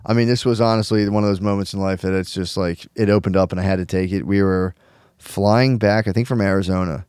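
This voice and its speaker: A man's voice: low voice, fast talker, clean tone, no echo, studio quality. A man co-hosting a podcast, chatting casually and telling funny stories while acting out little voices. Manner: animated storyteller, acts out voices. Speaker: podcast co-host. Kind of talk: casual comedic chat.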